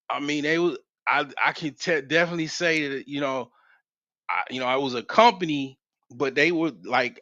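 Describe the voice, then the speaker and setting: Medium-pitched, pushed and bright, a man in his forties rambles through a slangy, profane story on his livestream, constantly restarting. A slightly dull, dry lo-fi mic captures him with no room sound.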